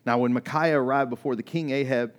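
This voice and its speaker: A male pastor giving a sermon in a conversational way, often dropping his voice low for emphasis. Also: fairly even intonation, brisk. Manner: conversational preaching with sudden drops in volume; acts out quoted voices in reading.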